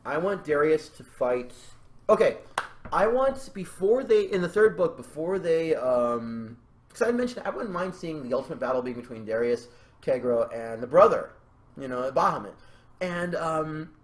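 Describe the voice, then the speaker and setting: Podcast host: excitable young man, slightly high voice, rambles, restarts, laughs a lot. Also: normal speed. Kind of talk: casual creative brainstorming chat.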